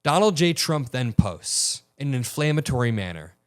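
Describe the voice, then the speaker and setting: A man's voice: medium pitch, big pitch swings, normal speed. A young man hosting a political commentary video, indignant and emphatic.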